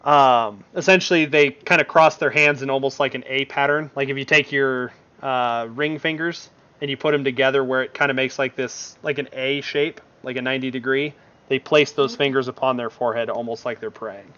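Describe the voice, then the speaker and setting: A man's voice: medium pitch, fairly even intonation, fairly quick, sharp tone, clean tone, muffled recording. A man narrating as game master in a tabletop game, rambling with many fillers.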